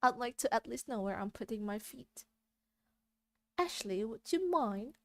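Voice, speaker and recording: A woman's voice: fairly high pitch, animated, unhurried, no echo. A woman voicing a grumbling, world-weary old man while reading a visual novel aloud. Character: grumbling old man in a dim cluttered den.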